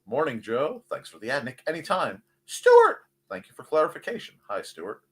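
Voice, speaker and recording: A middle-aged man hosting a casual livestream, reading chat comments in a rambling, jokey way with a slightly hoarse voice. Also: mid-range voice, a little fast. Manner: rambling, jokey, animated asides. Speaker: livestream host.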